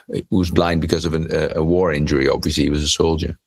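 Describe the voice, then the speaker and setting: A man's voice: a bass voice, fairly even intonation, fast talker, few pauses, slightly rough, dry recording. A man co-hosting a podcast, telling a story in a casual, hesitant way. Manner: hesitant, with many restarts while telling a story. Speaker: podcast co-host.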